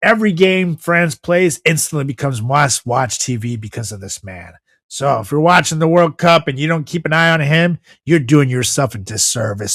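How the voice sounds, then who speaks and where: Slightly high-voiced guy cohosting a podcast, brash and swearing, dry close mic. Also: animated, moderate pace, a bit bright, dry recording. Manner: brash, profane, jokey. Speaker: podcast co-host. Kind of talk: casual chat.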